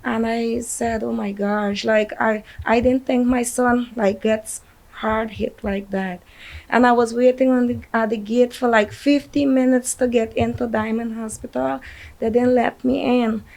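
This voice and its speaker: Distraught Guyanese mother, gravelly voice. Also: fairly high pitch, steady tone, a little mellow, rough recording. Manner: distraught, halting retelling with shaky drops in volume. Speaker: grieving mother interviewed. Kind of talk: emotional news interview.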